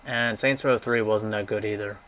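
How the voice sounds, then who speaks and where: A man's voice: lowish voice, fairly even intonation, moderate pace, a bit bright, a little hiss or hum. A young man casually rambling through a game library, giving blunt, profane opinions and going off on tangents. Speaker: gaming vlogger.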